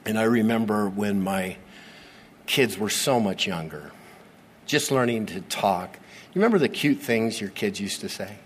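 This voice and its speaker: A middle-aged male pastor preaching to his congregation, repeating key words and letting dramatic pauses hang. His voice rings out in the long reverb of a big church hall, with a faint room hum underneath. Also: lowish voice, expressive. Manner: earnest preaching with dramatic slow pauses and repetition. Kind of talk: sermon. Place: church sanctuary.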